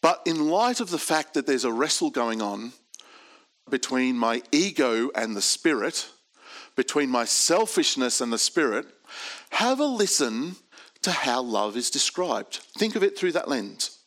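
Slow, deliberate male preacher. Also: medium pitch, sing-song, a bit bright. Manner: slow, deliberate, stressing key words. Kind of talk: sermon with scripture reading.

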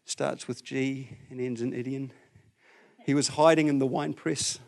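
A man preaching a conversational sermon, asking his listeners questions and swinging between loud, emphatic stretches and quiet, low ones. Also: fairly even intonation, a little slow, creaky.

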